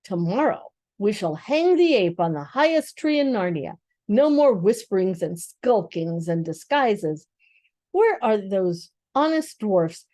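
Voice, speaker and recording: Figure: stern young male king, read by an older woman. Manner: stately, commanding, loud. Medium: storybook reading. Sound: dry. Tone: lively. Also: mid-range voice, takes it slowly, no echo.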